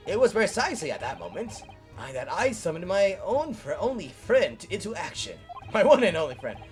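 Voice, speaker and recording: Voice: mid-range voice, very animated, natural voice. A streamer voicing a flamboyant, grandiose male detective while reading game dialogue aloud, faint game music behind. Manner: pompous, drawn-out flourishes.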